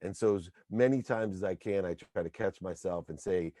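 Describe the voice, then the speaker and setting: A middle-aged man, a podcast guest, talking in an energetic, motivational way and telling anecdotes. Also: deep voice, a little fast, few pauses, dry recording, clean studio sound. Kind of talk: casual interview talk.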